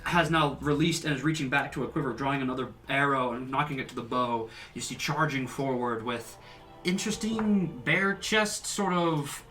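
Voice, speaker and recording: Bright-voiced male game master. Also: medium pitch, moderate pace, far from the mic, soft background music. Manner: casual, filler-heavy scene description. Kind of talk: narrating a tabletop game.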